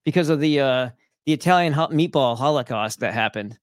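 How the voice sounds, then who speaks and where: A man's voice: medium pitch, fairly quick, no room sound. A man hosting his own online show, ranting to viewers in a profane, sarcastic, rambling way. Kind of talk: casual rant to viewers.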